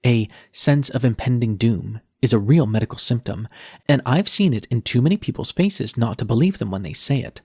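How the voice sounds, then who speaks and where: A man with a gravelly, husky voice reads a first-person audiobook, weary and reflective. The recording is dry and close. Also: mid-range voice, animated, moderate pace, a little mellow, no room sound. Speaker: audiobook narrator.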